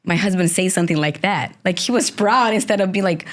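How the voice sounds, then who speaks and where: A woman's voice: lowish voice, brisk. A woman from Brazil with a Brazilian accent co-hosting a podcast, chatting casually and telling stories with loose, nonstandard English grammar. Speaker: podcast co-host. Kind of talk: casual chat.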